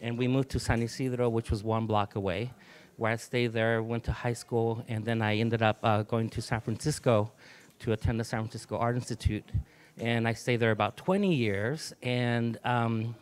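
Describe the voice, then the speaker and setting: A middle-aged man from Mexico, an artist and museum curator, leading a group through a gallery with a relaxed manner and many ums. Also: medium pitch, normal speed. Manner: relaxed, with frequent ums and restarts. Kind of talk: gallery tour talk to a group. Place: inside an art museum gallery.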